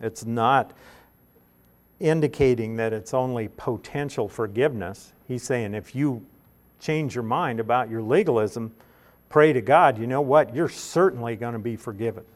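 Man, Bible teaching, steady mid-pitched voice, explanatory, deliberate emphasis. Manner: explanatory, careful, slows to stress key words.

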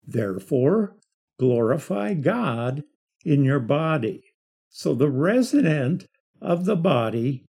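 Male Bible teacher, slow and measured, mellow husky tone, repeats key words for emphasis. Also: mid-range voice.

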